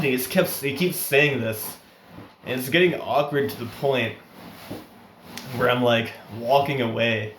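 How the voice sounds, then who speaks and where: A man rambles through a story at an average pitch, chuckling as he goes and doubling back on his words. He has a runny nose, and his voice rings in a roomy, echoey space with faint background sound. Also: moderate pace, fairly bright tone, slight background noise. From United States. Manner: chuckles often, rambling with restarts. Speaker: vlogger. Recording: roomy echo.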